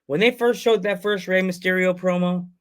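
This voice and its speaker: A man hosting a podcast, telling animated stories and acting out other people's cries and shouts in casual chat. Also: high voice, moderate pace, clear, resonant tone. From Long Island, New York. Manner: excitable storyteller, acts out quotes with loud cries. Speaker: podcast host.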